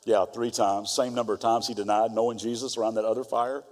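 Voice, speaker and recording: A middle-aged man preaching a sermon as pastor, moving between fervent exhortation and quiet storytelling. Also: fairly low pitch, flat delivery, fast. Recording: long hall reverb.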